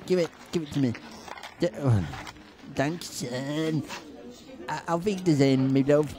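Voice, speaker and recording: A travel vlogger films his holiday handheld outdoors in a busy tourist town, offering cheeky, teasing commentary amid crowd noise. His voice is on the high side and unhurried.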